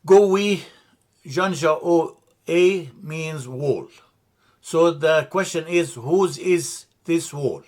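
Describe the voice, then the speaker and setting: A man teaching a language lesson from slides, slow and deliberate, repeating terms and correcting himself as he explains. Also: a little high. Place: church classroom.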